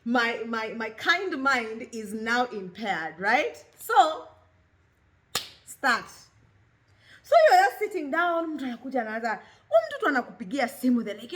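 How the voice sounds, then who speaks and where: A woman's voice: fairly high pitch, very animated, measured pace. A Kenyan woman in her thirties hosting a talk show, speaking openly and expressively, mixing English with Swahili. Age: 30s. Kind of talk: candid personal monologue.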